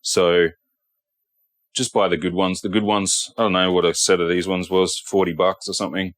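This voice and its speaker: A man's voice: low voice, little pitch movement, moderate pace, a bit bright, no echo. A man, a guitar technician, giving a blunt workshop tutorial and often checking in with "okay". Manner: blunt, repeats himself, says okay often.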